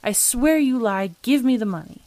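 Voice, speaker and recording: A woman voicing a desperate, gruff older father who talks with barely held-back passion, reading in a storybook manner. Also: medium pitch, normal speed, no room sound, close to an everyday voice. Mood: menacing pleading.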